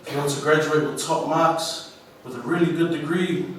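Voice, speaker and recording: A man with a New Zealand accent giving an inspirational graduation speech, slow and emphatic, heard from far off through a hall's speakers. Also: a little high, steady tone, fairly bright tone, a little hiss or hum. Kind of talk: ceremonial speech. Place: large school hall. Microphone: PA microphone, recorded from the audience. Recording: echoey hall from far off.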